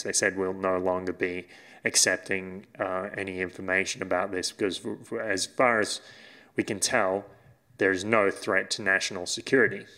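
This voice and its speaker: A man's voice: deep voice, pushed and bright. A man co-hosting a casual chat podcast, rambling and hesitant with frequent laughs. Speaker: podcast co-host.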